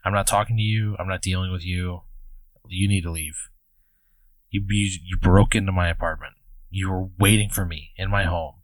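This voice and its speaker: A male podcast co-host trades comic banter. He answers in blunt, indignant bursts and quick reactions, with a somewhat low voice. The sound is dry and close. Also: steady tone, no room sound.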